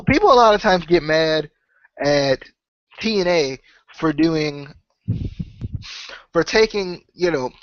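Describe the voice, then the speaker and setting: A man's voice: a little high, dry recording, dull audio. A man hosting a wrestling podcast, his voice sick, talking in a casual rambling way with lots of "right?" and "you know.". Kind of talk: casual solo opinion talk.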